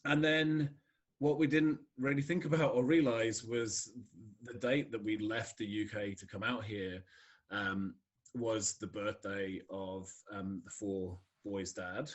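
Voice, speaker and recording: Middle-aged man, Scottish-born, neutral English accent, somewhat low voice; relaxed chatty podcast guest, frequent laughs and fillers. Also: slow, dull audio. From Scotland. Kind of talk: casual conversation.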